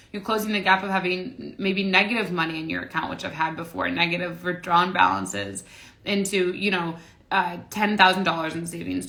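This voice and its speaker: A woman's voice: lowish voice, creaky, sharp tone. A woman in her late twenties, a manifestation coach, talking casually to camera in a rambling way, repeating phrases and filling with "like". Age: late 20s. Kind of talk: casual motivational talk to camera.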